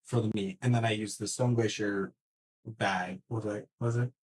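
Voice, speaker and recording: Animated man swearing through a story. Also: fairly low pitch, normal speed. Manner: animated storyteller, swears freely, restarts often. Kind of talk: casual podcast chat.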